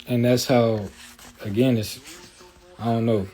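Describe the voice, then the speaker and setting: Rambling through a casual livestream, this host speaks in a medium-pitched, dark voice with fairly even intonation and a measured pace. He's loose and streetwise, drops frequent filler asides, and keeps checking in with viewers.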